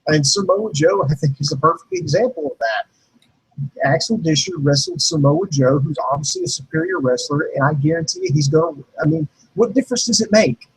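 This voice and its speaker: A man calmly argues his side of a wrestling debate with plenty of fillers. His voice is husky and raspy, with a lively, up-and-down pitch that sits a bit high. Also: brisk, rough recording. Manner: calm, arguing back, many fillers. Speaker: wrestling show co-host. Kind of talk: casual debate.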